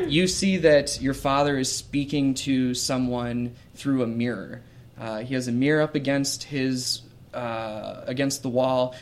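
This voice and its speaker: A man running a tabletop role-playing game as game master, narrating scenes with frequent fillers and restarts. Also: medium pitch. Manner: hesitant, many fillers and restarts.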